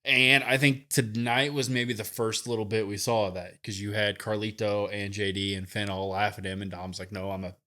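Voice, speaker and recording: A man's voice: on the low side, flat delivery, normal speed, hardly any pauses, bright, forceful tone. A man co-hosting a wrestling podcast, giving his opinions casually and thinking aloud. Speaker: podcast co-host.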